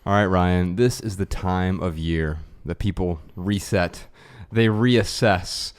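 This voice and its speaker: Low-voiced man co-hosting a podcast. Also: slow pace, clean tone. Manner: wry, joking, at times professorial. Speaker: podcast co-host. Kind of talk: casual podcast chat. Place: friend's kitchen used as a studio.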